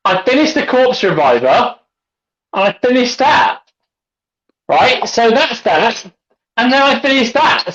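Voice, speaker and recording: A tipsy man co-hosting a casual livestream chat, rambling and loud as he drinks. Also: very high-pitched. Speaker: co-host. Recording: dull lo-fi video call audio.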